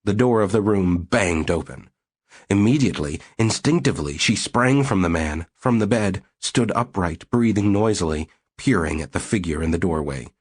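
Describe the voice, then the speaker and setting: A man reading a novel aloud as audiobook narrator in a steady, measured way. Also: low voice, slightly rough. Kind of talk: scripted narration.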